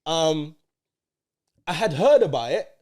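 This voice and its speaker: A man's voice: fairly high pitch, sing-song, takes it slowly, a little mellow. A man with an English accent hosting a casual film review podcast, talking in a laid-back, slang-heavy way. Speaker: podcast host.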